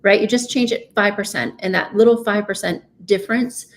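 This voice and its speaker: A woman's voice: mid-range voice, brisk, a little hiss or hum. A woman, a business coach, speaking as a podcast guest in an emphatic way, often asking "right?". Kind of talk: podcast interview.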